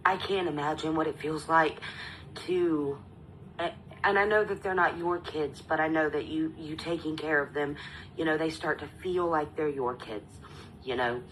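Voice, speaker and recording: Woman, 30s, panel guest on a live stream; low voice, halting, pauses often. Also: steady tone, a bit bright, slight background noise, rough recording. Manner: halting, tearful, many pauses and fillers. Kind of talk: emotional live stream sharing.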